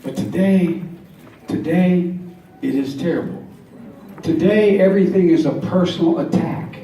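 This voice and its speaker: A man's voice: sits high, measured pace, dark tone. Older man speaking folksy in an echoey hall. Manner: folksy storytelling, jokes and earnest emphasis. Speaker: guest speaker at a campaign rally. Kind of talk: campaign speech with anecdotes. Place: large convention hall. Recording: echoey hall, distant mic, faint noise.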